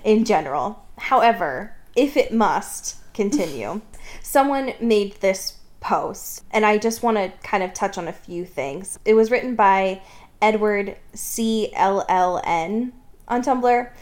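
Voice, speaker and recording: A woman co-hosting a casual chat, recapping scenes with lots of laughter and quick mock character voices. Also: mid-range voice, lively intonation, darkish tone. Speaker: podcast co-host. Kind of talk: casual book discussion chat.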